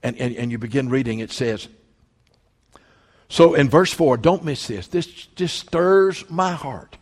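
A man preaching a sermon as pastor, reading scripture aloud with fervent emphasis that swells to near-shouting. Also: medium pitch, expressive, measured pace. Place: church sanctuary. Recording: long hall reverb.

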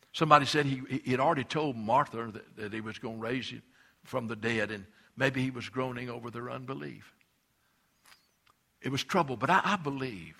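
Bright, emphatic preaching man. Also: mid-range voice. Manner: emphatic, swings from loud to hushed, repeats words when building. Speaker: pastor. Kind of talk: sermon.

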